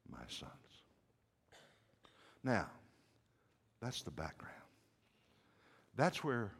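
A male preacher unfolds a story in a dramatic sermon. He swings from hushed murmurs to sudden shouts. His pitch moves in lively swoops, and his words echo in a hall with long reverb.

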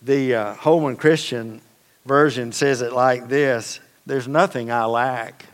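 A man's voice: mid-range voice, steady tone, takes it slowly. A man preaching a sermon as pastor, telling stories in a conversational, folksy way with casual asides. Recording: long reverb of a large hall.

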